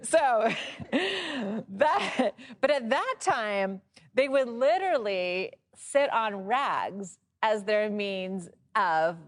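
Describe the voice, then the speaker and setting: A woman in her thirties teaching a casual Bible study, chatty and expressive, laughing often as she explains the passage. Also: medium pitch, very slow.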